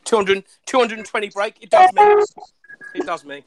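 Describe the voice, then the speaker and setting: Rambling British man, high voice. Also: animated, normal speed, soft background music. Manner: rambling, crude, lots of fillers. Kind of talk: casual group banter.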